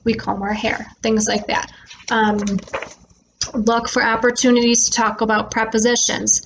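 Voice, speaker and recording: A woman speech therapist explaining reading tips to parents in a relaxed way, with frequent "um" fillers, slowing down to stress words when she models them. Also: a little high, slight background noise, rough recording. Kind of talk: instructional talk to parents.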